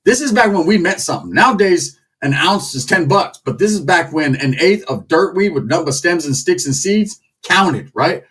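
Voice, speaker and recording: Animated, husky-voiced male storyteller. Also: high voice, normal speed, hardly any pauses, far from the mic. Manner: animated, crude, slang-heavy. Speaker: comedic storyteller. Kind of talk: comedic storytelling.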